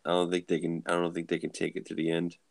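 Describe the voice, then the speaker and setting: A man's voice: low-pitched, monotone, fast, gravelly, dry recording. A laid-back man chatting casually over beers on a live video show, leaning on "like" a lot. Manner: laid-back, heavy use of "like". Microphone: video call.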